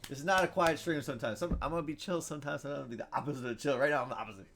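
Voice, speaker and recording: A young man streaming a card game, casual and excitable, muttering to himself and then breaking into loud shouts. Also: a little high, rapid-fire, gravelly, slight background noise. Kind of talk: casual gameplay commentary.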